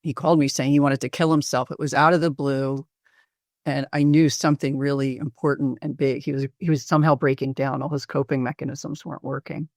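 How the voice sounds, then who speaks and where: A woman physician presenting a patient case in a webinar interview, speaking hesitantly with many pauses and fillers. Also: extremely low pitch, level tone, a little mellow, dry recording, clean studio sound.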